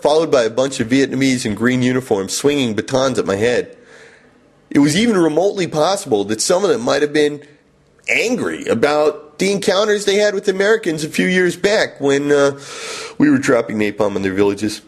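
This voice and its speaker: Wry, animated male storyteller. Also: mid-range voice, brisk. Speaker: podcast host and storyteller. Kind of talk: comic first-person storytelling.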